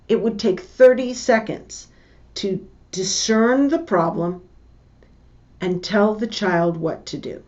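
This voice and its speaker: A middle-aged woman teaching a lesson, telling a family story slowly and deliberately and acting out the voices of the people in it. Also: medium pitch, a little mellow. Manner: slow, deliberate, acts out the voices in her story. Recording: dull lo-fi recording.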